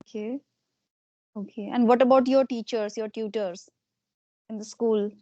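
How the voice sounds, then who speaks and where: Brief: middle-aged woman interviewer, a bit high, dry close sound, soft "okay"s. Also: fairly even intonation, unhurried, no room sound, lo-fi sound. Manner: soft repeated acknowledgements. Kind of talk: casual interview.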